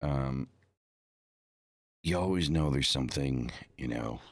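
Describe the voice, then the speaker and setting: Speaking slowly in a very deep voice, a man runs his own live podcast from a home streaming mic. He rambles casually, full of fillers and repeated words, in clean studio sound with no room sound.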